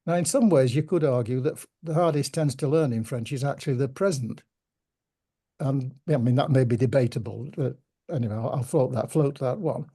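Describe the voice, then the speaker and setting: An older man with a Yorkshire accent, telling stories in a measured, reflective way with gentle humour during an interview. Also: medium pitch, slightly rough. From Yorkshire, England. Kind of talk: reminiscing conversation.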